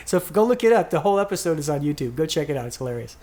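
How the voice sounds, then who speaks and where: Here the male co-host speaks very fast, with a fairly high, slightly mellow voice and lively intonation. He chats casually on the podcast, wanders off track, fixes his own words, and quotes listener answers aloud.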